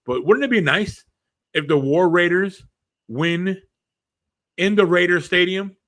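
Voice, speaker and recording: A man co-hosting a casual wrestling podcast, chatty and quick to laugh, leading each segment. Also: high-pitched, a bit bright. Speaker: podcast co-host. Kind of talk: casual wrestling predictions chat.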